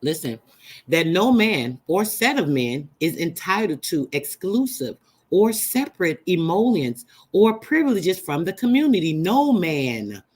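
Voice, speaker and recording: A woman's voice: fairly low pitch, sing-song, unhurried, a little mellow, breathy edge. Emphatic woman preaching to her live chat. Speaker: livestream host. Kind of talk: live-stream teaching chat.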